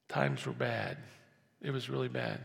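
A man preaching a sermon as pastor, moving between quiet, hushed stretches and loud, emphatic passages. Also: mid-range voice, gravelly. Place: church sanctuary. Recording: long reverb of a church hall.

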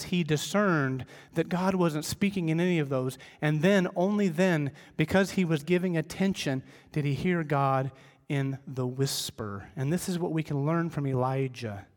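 A middle-aged man preaching a sermon as pastor, conversational, telling humorous family stories and dropping his voice low for emphasis. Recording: long reverb of a large hall.

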